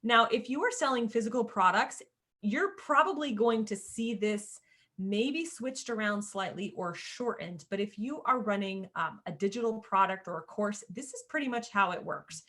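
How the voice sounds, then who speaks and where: A woman's voice: medium pitch, animated, normal speed, fairly bright tone. A woman teaching a screen-share tutorial, in a chatty way with casual asides, often calling her viewers "you guys.". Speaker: course creator teaching sales page design.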